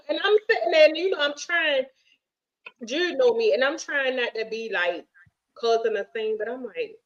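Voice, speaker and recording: A middle-aged woman hosting a casual chat, telling a story in an animated, profane way and acting out the dialogue. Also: sits high, moderate pace. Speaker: host. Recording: dull lo-fi stream audio.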